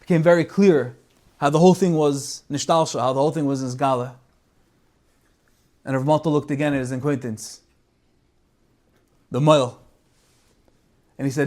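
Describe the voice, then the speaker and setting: A man giving a Torah talk as a lively story, mixing in Hebrew and Yiddish words. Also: fairly high pitch, moderate pace, pauses often. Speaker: Torah speaker.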